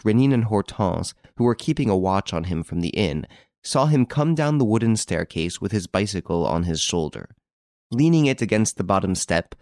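A man with a very low voice reads a classic detective novel aloud. His delivery is even and measured, and the characters' lines get only a light touch. The recording is dry and close, with no room sound. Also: no room sound. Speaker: narrator. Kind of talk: scripted audiobook narration.

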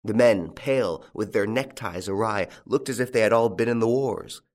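A man narrating a classic detective story in an audiobook, in a measured, unhurried storytelling manner. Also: fairly low pitch, darkish tone. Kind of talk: scripted narration.

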